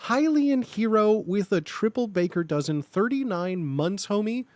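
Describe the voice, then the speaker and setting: A man's voice: sits high, moderate pace, hardly any pauses, dry recording. A man live-streaming in a casual chat, telling stories full of fillers and acting out other people's lines, laughing often and thanking his viewers. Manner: animated storyteller, acts out conversations in voices; filler-heavy, lots of "like".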